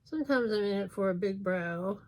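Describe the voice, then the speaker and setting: With a mid-range, darkish voice and a fairly quick pace, a beauty vlogger in her fifties narrates her makeup tutorial casually. She muses aloud as she goes and makes self-deprecating jokes.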